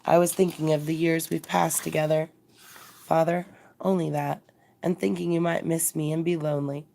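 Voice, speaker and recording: A woman reading the lines of a gentle young daughter about to be married. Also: low voice, flat delivery, normal speed, creaky. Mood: tender. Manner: gentle, affectionate. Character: young bride-to-be, tender daughter.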